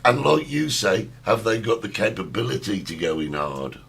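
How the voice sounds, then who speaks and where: A man's voice: lowish voice, sing-song, moderate pace, creaky, a bit bright, breathy edge. A man co-hosting a casual talk show, reading out viewer comments and giving firm opinions. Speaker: co-host. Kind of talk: casual chat.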